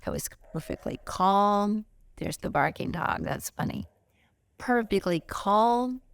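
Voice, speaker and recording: A middle-aged woman giving a spiritual lesson outdoors, expressive, jumping from high excited bursts to soft whispers. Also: takes it slowly, creaky, clean tone, no echo, clean studio sound. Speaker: spiritual teacher.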